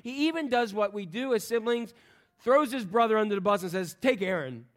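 Animated high-voiced male preacher. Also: fairly quick. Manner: animated, acts out voices in quotes, jokes with the congregation. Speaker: pastor. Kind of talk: sermon.

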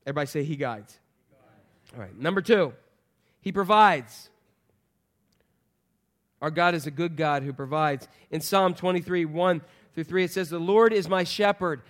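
A man in his fifties preaching a sermon as pastor, conversational and animated, acting out quoted voices. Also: high-pitched, unhurried, pauses often.

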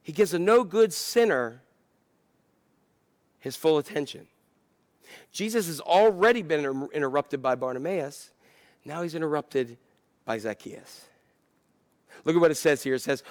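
A man's voice: on the high side, unhurried, long pauses. A middle-aged man preaching a sermon in a conversational, reflective way, with asides and restarts. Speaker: pastor.

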